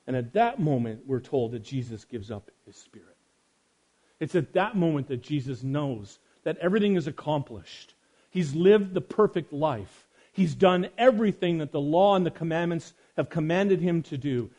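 A man preaching a sermon, swinging from loud emphasis to hushed quiet and speaking straight to his listeners. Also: fairly high pitch, lively intonation, normal speed. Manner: addresses listeners directly.

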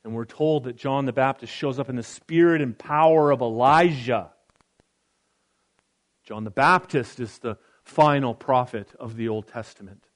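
A pastor preaching a conversational sermon, reading scripture aloud with casual asides. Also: male voice, medium pitch, normal speed.

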